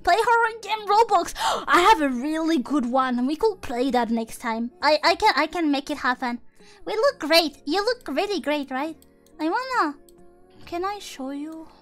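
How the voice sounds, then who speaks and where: A woman streaming casual chat to her viewers, playful and excitable, with non-native English phrasing. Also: high-pitched, a little slow, soft background music. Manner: playful, excitable, slips into mock outrage. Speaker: VTuber streamer.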